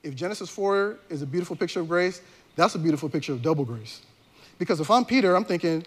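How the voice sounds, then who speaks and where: A male pastor gives a relaxed, conversational sermon, using slangy turns of phrase. His voice sits high for a man, fast and slightly rough, and he often restarts sentences mid-thought.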